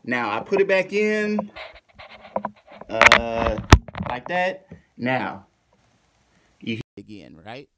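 A man casually demonstrating and reviewing a small audio mixer for his viewers, chatty and relaxed. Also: medium pitch, takes it slowly, pauses often, heavy background noise. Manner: laid-back, chatty, addresses viewers as y'all and man. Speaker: gear reviewer. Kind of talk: casual product demo vlog.

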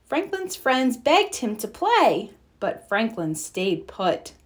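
A woman reading a children's picture book aloud with expressive storytelling. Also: on the high side, slow pace. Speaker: storybook reader. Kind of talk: children's read-aloud narration.

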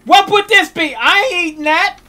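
A woman streaming a horror game, chatting casually with friends, loud and swearing. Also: very high-pitched. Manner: loud, swearing, quick to shout. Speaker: livestreamer playing a game.

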